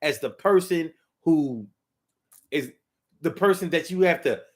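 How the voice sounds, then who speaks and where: A man's voice: on the high side, animated, measured pace. A man giving a casual spoken monologue to his viewers, emphatic and repeating phrases for effect. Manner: talks straight to the audience. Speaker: vlogger.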